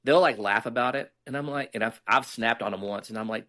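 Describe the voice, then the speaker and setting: A man's voice: medium pitch, fast talker, hardly any pauses, sharp tone. A middle-aged man, candidly telling stories as a guest in a casual interview and acting out the dialogue he quotes.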